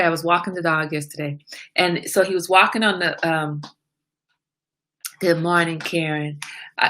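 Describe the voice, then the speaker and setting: A woman with a deep voice hosts a casual livestream, telling a story animatedly while greeting viewers and responding to their comments.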